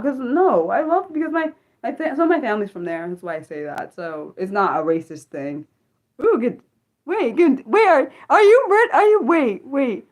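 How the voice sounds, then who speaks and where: A young woman hosting an unscripted livestream, chatting excitedly with viewers and answering chat, with lots of fillers and restarts. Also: fairly high pitch. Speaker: livestream host.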